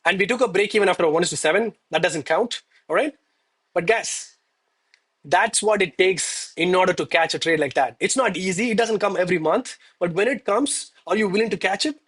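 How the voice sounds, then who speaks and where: A man's voice: high voice, brisk, fairly bright tone, slightly rough. A man live-streaming his trading, talking emphatically and emotionally to viewers about discipline and taking losses, repeatedly checking in with "okay" and "man". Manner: emotional, admits getting worked up. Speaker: live-streaming gold trader.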